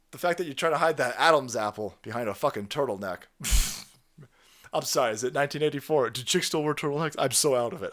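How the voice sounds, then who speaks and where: A man's voice: on the high side, a bit bright. A man giving crude, mocking reaction commentary, ranting and swearing. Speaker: online commentator.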